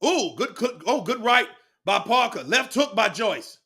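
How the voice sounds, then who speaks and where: Man, live boxing play-by-play, excitable, profane, bright tense voice, swoops up and down a lot. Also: extremely high pitch, slightly rough. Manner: excitable, profane, calls punches rapidly. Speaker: live stream boxing commentator. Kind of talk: casual live play-by-play commentary.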